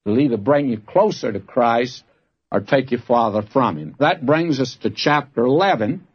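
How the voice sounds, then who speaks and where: A man's voice: medium pitch, husky. An older man giving a folksy, earnest Bible teaching, speaking to listeners as his friends. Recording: dull lo-fi archival recording.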